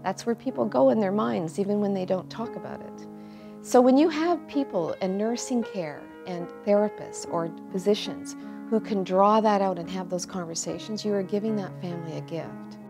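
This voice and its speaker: A woman who cared for a dying husband at home, speaking in an interview in a thoughtful, measured way. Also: medium pitch, gravelly, over music. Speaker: family caregiver. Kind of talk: interview testimony.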